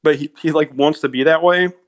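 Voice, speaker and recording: Guy cohosting a movie podcast, kinda high voice, rambly and laughing a lot. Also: fast talker. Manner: animated retelling of scenes, frequent likes and laughs. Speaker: podcast co-host. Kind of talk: casual film discussion.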